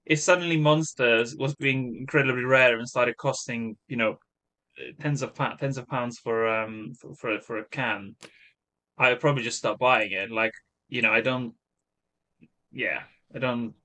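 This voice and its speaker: Co-host, bright voice, rambling sardonic chat. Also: male voice, mid-range voice, fairly even intonation, moderate pace. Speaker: podcast co-host. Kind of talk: casual chat.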